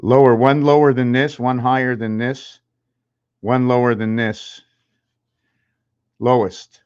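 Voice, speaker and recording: Halting, musing man on a dull recording. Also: mid-range voice, flat delivery, smooth. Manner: musing, halting, spells and counts aloud. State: a little out of breath. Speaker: channel host. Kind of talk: rambling numerology talk while drawing.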